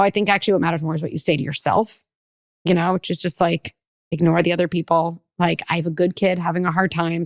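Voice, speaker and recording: A woman talks with a slightly low, gravelly voice, quick and animated, and she jumps into playful voices for kids and parents. The sound is close and dry, with no room around it. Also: dry recording. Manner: fast, animated, acts out kids and parents with voice shifts. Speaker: parenting expert guest. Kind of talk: podcast conversation.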